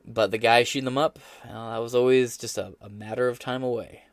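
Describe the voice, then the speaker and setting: A man's voice: mid-range voice, fairly even intonation, fairly quick, no room sound. An American man hosting a podcast, giving blunt, profane and sarcastic political commentary while reading headlines aloud. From United States. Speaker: podcast host.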